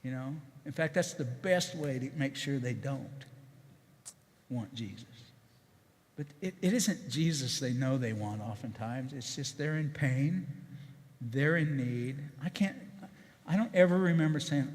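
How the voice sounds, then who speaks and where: An older man, a retired chief executive, telling stories in a casual, animated way with many restarts and asides, as a guest in a church service. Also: medium pitch, unhurried. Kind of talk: casual testimony on stage. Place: church auditorium. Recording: long reverb of a church hall.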